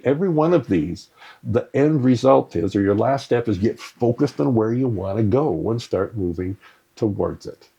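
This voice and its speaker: A man's voice: lowish voice, vocal fry, dark tone, breathy edge. A man giving a conversational spiritual teaching on a live stream, often checking in with "right?" and answering viewer comments. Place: live stream to an online audience.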